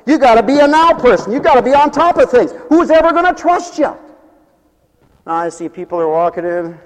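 A male pastor giving a lively sermon, acting out the voices of the people in his stories and laughing often. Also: very high voice, a little fast. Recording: long reverb of a hall.

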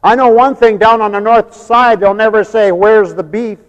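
A middle-aged man preaching a fiery sermon, swinging from loud shouts to quiet joking asides. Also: sits high, fairly even intonation, moderate pace, clean tone, long reverb tail, highs cut off. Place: large church hall.

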